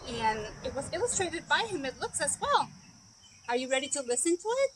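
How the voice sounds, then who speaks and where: A woman librarian hosting a children's storytime, animated and sing-song as she talks to the kids. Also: sits high, a little fast, slight background noise.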